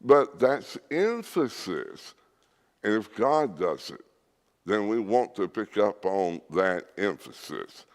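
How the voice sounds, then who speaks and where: Male preacher, slow emphatic sermon delivery, animated pitch, church hall reverb. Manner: earnest, emphatic teaching with scripture readings.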